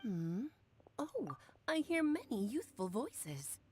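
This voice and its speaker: A woman's voice: fairly high pitch, big pitch swings, slow pace, darkish tone, husky, full character voice. A woman voicing a grand, playful mage mother in a video game, speaking in a lofty, teasing and dramatic way. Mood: imperious.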